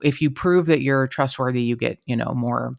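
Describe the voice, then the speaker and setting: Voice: mid-range voice, moderate pace, vocal fry. Podcast host telling a story. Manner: lively, profane anecdote telling. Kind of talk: casual storytelling.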